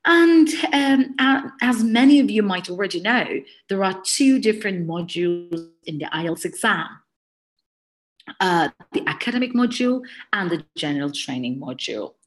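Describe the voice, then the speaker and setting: A woman's voice: mid-range voice, animated, moderate pace. A British woman presenting a live webinar as an English exam teacher, talking conversationally and answering chat questions as they come in.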